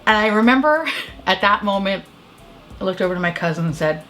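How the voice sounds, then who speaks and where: A woman's voice: medium pitch, a little fast, faint music behind. Chatty woman telling a self-mocking story. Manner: animated, self-mocking storyteller, frequent laughter. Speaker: beauty vlogger. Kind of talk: chatty get-ready-with-me storytelling.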